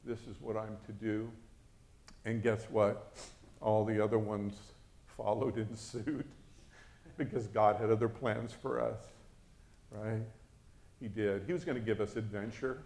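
A man's voice: lowish voice, fairly even intonation, a little slow, gravelly, long pauses, a little mellow. A man preaching a sermon, telling a personal story and acting out the voices of the people in it. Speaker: pastor.

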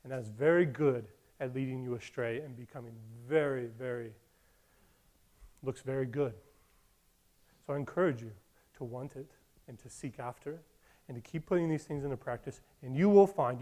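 A pastor preaching a sermon with emphatic, repetitive exhortation. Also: male voice, medium pitch, moderate pace, warm tone.

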